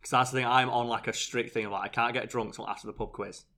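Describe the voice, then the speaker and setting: This British channel host has a medium-pitched voice and speaks quickly in a casual podcast chat. He tells stories animatedly, acting out voices loudly.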